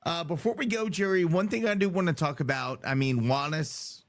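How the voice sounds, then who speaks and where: A man co-hosting a sports podcast, hoarse from yelling, talking in a casual, teasing way. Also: a little high, normal speed. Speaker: podcast co-host.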